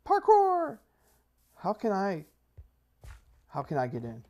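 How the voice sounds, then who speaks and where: Unhurried and a bit mellow, with lively intonation, a man's voice comes through lo-fi audio with slight background noise. He's a Minecraft server player and video creator, hyping his plans like a playful salesman while rambling, restarting, and ribbing himself.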